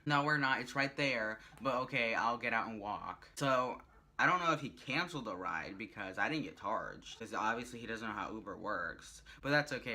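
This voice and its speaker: A young man vlogging, telling a rambling story in a chatty, animated way. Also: on the low side. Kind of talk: casual storytelling vlog.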